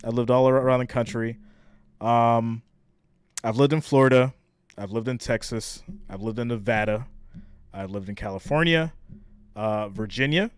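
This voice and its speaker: A man's voice: medium pitch, moderate pace, long pauses, smooth, no echo. A man from New York hosting a live stream in a casual chat style. He reads viewer guesses aloud and laughs often.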